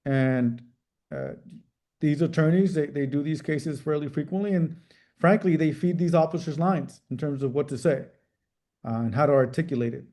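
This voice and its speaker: A middle-aged man, a trial attorney, answering interview questions in a measured, careful way with frequent restarts. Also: a little high, warm tone. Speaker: civil rights trial attorney.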